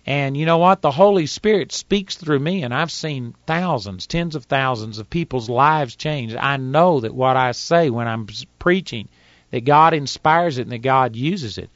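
Folksy Texan preacher, dry muffled sound. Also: male voice, medium pitch, moderate pace, fairly bright tone, dry recording. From Texas. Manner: folksy, plainspoken, reads scripture aloud. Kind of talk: Bible teaching sermon.

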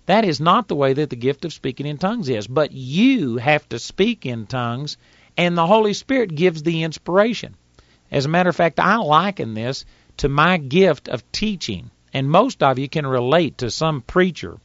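A man's voice: on the high side, expressive, normal speed, a bit bright, no room sound, dull audio. A man with a Texas accent, teaching from the Bible in a folksy, plainspoken sermon and reading scripture aloud. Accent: Texan. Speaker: preacher.

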